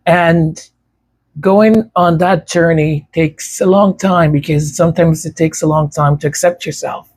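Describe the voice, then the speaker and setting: A music creator talks casually to his supporters despite a stutter and a tongue tie, repeating words and struggling to pronounce certain sounds. His voice is a little high and darkish in tone, steady, and a little slow.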